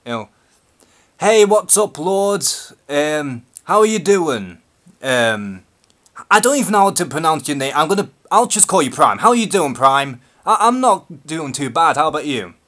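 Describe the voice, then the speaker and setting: A man's voice: a little high, very animated, moderate pace, fairly bright tone. A man from Liverpool with a Scouse accent, hosting a live-stream Q&A and speaking in a nervous, hesitant, unscripted way. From Liverpool, England. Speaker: YouTube channel host.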